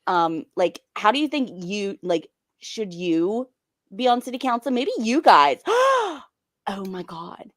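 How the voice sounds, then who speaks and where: A woman's voice: medium pitch, expressive, measured pace, dry recording, studio quality. A woman hosting a live stream, reacting to clips and chatting with viewers in a drawling, sarcastic way. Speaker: stream host. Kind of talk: casual live-stream commentary.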